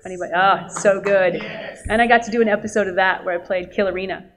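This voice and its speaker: An animated woman speaking as a guest on an expo panel. She tells lively stories about her work and laughs often. Her pitch sits in the middle for a woman. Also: fast talker, a crowd in the background. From Canada. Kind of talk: convention panel talk.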